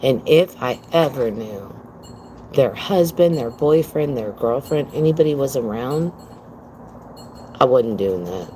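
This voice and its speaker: Give me a low-pitched woman talking slowly on a phone livestream from home, blunt and emphatic with her viewers. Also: expressive, dark tone, slight background noise, low-quality recording. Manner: addresses viewers as "girl". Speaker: livestream host. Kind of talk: casual storytelling to viewers.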